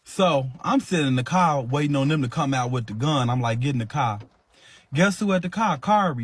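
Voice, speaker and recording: A man's voice: mid-range voice, fairly quick, husky. A man hosting a livestream, telling a fight story in casual, profane slang and acting it out with sound effects. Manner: animated, sound-effect-heavy retelling. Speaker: livestream host.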